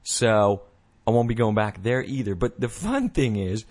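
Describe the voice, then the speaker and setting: A man's voice: lowish voice, animated, measured pace, a little mellow. Rambling man hosting a show. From United States. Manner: rambling, many restarts and fillers, mock voices. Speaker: podcast host. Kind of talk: casual monologue.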